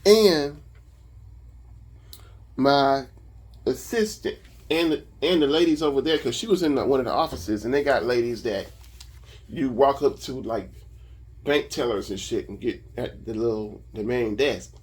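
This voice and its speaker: A man casually telling a story about his own life, animated and full of profanity. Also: medium pitch, a little slow, pauses often, husky. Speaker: vlogger.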